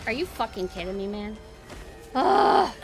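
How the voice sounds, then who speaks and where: Young woman, gaming streamer, high voice, cursing, frustrated yelps, game music behind. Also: animated, normal speed. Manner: swearing, frustrated outbursts and yelps. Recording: game music playing underneath.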